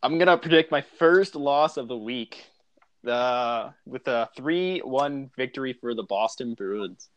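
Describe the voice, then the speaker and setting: A young man co-hosting a casual sports podcast, relaxed and laid-back. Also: medium pitch, unhurried, muffled recording. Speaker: podcast co-host.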